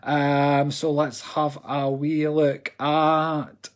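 A man's voice: a little high, monotone, extremely slow. A Scottish man, a psychic medium, giving readings on a live stream in a chatty, jokey way and talking to viewers as folks.

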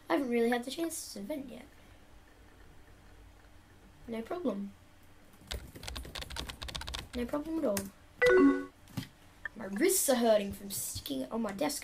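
A woman's voice: on the high side, animated, normal speed, long pauses. A young woman casually reading typed chat lines aloud and adding chatty asides to the camera. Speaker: YouTuber playing a chat game. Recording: loud background music.

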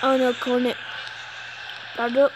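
A young woman hosting a gaming channel, commentating her own mobile soccer match and shouting at her players. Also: fairly high pitch, a little slow, very noisy. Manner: excitable, shouts at players, apologizes to viewers. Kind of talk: live mobile game commentary.

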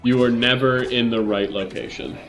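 During a casual let's-play, a man comments on a video game with dry, self-mocking humor. His mid-range voice keeps a fairly even intonation at a normal speed, with soft music in the background.

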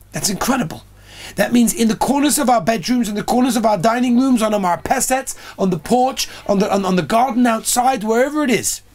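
A man's voice: high-pitched, slight background noise. A man, a rabbi, giving an earnest sermon on prayer, telling stories and building emphasis.

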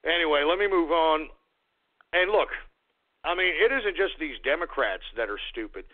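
Furious high-voiced man ranting on radio. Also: animated, moderate pace. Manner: ranting, shouting, swearing, repeating himself. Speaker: radio show host. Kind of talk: angry political radio rant. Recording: tinny phone-like radio broadcast.

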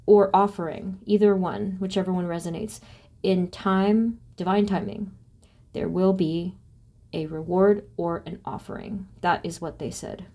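A woman's voice: on the low side, mellow, a little hiss or hum. A woman doing a solo tarot reading, thinking aloud as she names cards and asks spirit questions. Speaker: tarot reader.

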